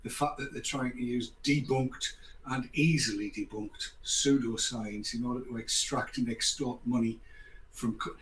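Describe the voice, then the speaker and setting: A man's voice: medium pitch, steady tone, normal speed, a bit bright. An older man hosting a casual chat, rambling and sarcastic, with mock apologies. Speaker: host. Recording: echoey room, faint background noise.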